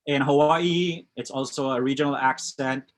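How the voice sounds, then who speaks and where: A man's voice: mid-range voice, fairly even intonation, normal speed. A man with a West Coast American accent teaching a live online English class, reading out chat answers and commenting on them.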